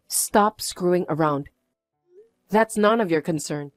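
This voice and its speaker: A woman reading a story aloud as its main character, speaking in a flat, weary and dismissive way. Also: on the low side, unhurried, long pauses, no room sound, soft background music.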